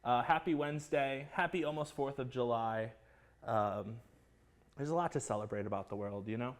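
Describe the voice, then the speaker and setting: A man hosting a live cooking class, chatty and excitable, greeting viewers by name. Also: medium pitch, moderate pace.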